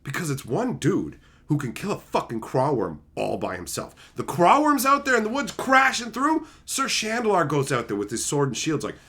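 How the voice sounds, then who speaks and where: A man hosts a live stream with loud, profane excitement. His voice is bright and lively, swinging widely in pitch, and he breaks into shouted impressions of his friends. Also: moderate pace, few pauses, breathy edge. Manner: profane, excitable, rants about cards.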